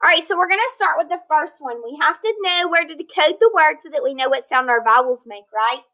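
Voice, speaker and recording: A woman teaching a phonics lesson, sounding out word parts slowly and deliberately, praising and checking in with her students. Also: high-pitched, sharp tone, poor audio. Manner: encouraging, checks in with "okay?". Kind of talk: recorded online lesson.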